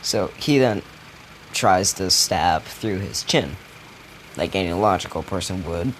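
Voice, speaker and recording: A man's voice: low-pitched, lively intonation, a little slow, slight background noise. A man telling a made-up story in a casual, rambling, profane way. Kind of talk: casual retelling of a fan scenario.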